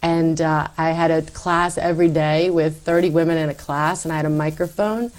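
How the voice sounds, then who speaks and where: Middle-aged woman telling her faith story, lowish voice, acts out the quotes. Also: fairly even intonation, normal speed, darkish tone. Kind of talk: personal testimony in conversation.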